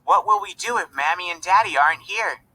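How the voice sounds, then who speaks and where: A frightened little boy from a storybook, as a male reader puts him on, anxious and small-sounding. The pitch jumps well above the reader's own voice. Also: brisk, bright, forceful tone, exaggerated voice, low-quality recording. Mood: worried. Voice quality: worried, small.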